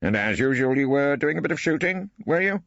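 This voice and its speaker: An actor playing an elderly barrister in an audiobook, questioning with arch, ironic politeness. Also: male voice, fairly high pitch, expressive, brisk, creaky, fairly bright tone, no echo, pitched above the performer's own voice. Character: wry elderly male barrister, mock-polite. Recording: dry, slightly dull studio.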